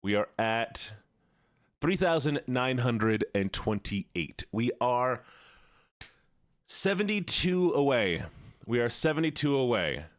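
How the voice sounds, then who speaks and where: A man's voice: medium pitch, animated, measured pace, no room sound, clean studio sound. A man streaming live, chatting casually with viewers in a rambling, self-correcting way.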